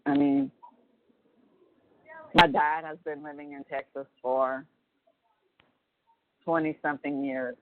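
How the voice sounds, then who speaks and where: A middle-aged woman chatting casually on a phone call, talking haltingly with many restarts. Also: deep voice, level tone. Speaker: relative on a prison call. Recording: tinny phone line.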